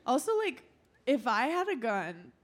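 A woman's voice: sits high, sing-song, measured pace. A young woman doing a stand-up comedy set, brash and playful, laughing through her punchlines. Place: comedy stage before a live audience. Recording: loud live crowd and noise.

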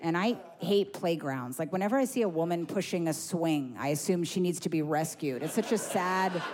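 A woman's voice: lowish voice, moderate pace. A woman in her thirties doing a stand-up set, rambling through stories with lots of fillers. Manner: rambling, filler-heavy, animated storytelling. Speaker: stand-up comedian. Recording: noisy live recording.

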